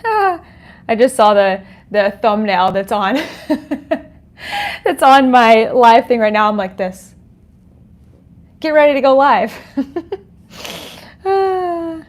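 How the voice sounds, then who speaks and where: Speaking into a desk mic at home, dog close by, a bubbly female podcast host welcomes her livestream audience, reads out their chat messages and laughs often. Her pitch sits on the high side with big swings, and she talks very slowly with long pauses.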